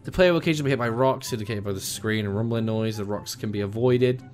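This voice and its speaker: A young man giving casual, excitable gameplay commentary, swearing freely and swinging between mumbled asides and loud outbursts. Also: lowish voice, fast talker. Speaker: gaming video host. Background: faint background music.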